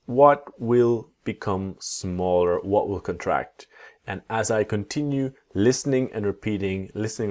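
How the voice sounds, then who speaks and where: A man teaching English pronunciation, modeling each sound slowly and deliberately for learners to repeat. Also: on the low side, darkish tone. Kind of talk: pronunciation lesson.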